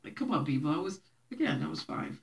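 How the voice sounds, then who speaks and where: Fast, very animated and low-voiced with vocal fry, she's a young vlogger swapping childhood stories with viewers and laughing often. Her family is Haitian, she grew up in Brooklyn, and Haitian Creole was her childhood language.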